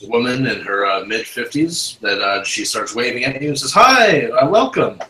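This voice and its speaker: A man running a tabletop game, narrating in a halting way with many ums. His voice is bright and tense. The sound carries a roomy echo. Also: on the low side. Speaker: game master.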